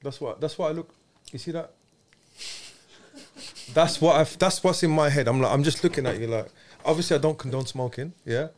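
A man hosting a casual podcast chat, animated and slangy, quick to get excited. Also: fairly high pitch. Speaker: podcast host.

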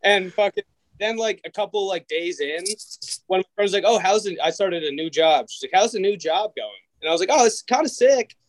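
A young man tells loose, rambling stories as a podcast guest, acting out everyone's lines as he goes. His voice sits fairly high, and the recording is dry and close. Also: brisk, dry recording, low-quality recording. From Massachusetts. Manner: rambling storyteller, acts out quotes. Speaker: comedian guest. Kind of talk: casual podcast chat.

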